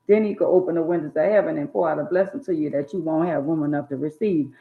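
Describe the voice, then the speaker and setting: A woman's voice: low voice, fast, vocal fry, few pauses. A woman preaching life advice straight to her viewers in an emphatic, sermon-like monologue. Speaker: vlogger giving life advice. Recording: tinny phone-like sound in an echoey room.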